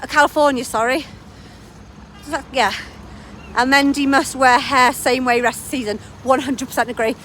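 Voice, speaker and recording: A woman's voice: high-pitched, fairly even intonation, moderate pace, fairly bright tone, a little hiss or hum. A woman co-hosting a podcast, out of breath from walking as she reads listener comments aloud in a breezy way. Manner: breezy, laughs easily. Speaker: podcast co-host reading chat messages. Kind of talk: casual chat, reading listener comments. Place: outdoors while walking.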